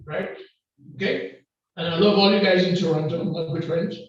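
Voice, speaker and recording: Loud Grenadian man preaching in an echoey hall. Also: on the high side, steady tone, normal speed, soft background music. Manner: loud, call-and-response, joking with the congregation. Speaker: guest preacher. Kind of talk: lively church sermon. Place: church hall. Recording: distant, echoey and muffled hall recording.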